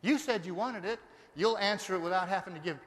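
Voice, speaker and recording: High-voiced man working a seminar crowd. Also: brisk. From Denver, Colorado. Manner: energetic, rhetorical questions to the crowd. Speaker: motivational speaker. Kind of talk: live motivational seminar. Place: large seminar hall. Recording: long reverb of a live hall.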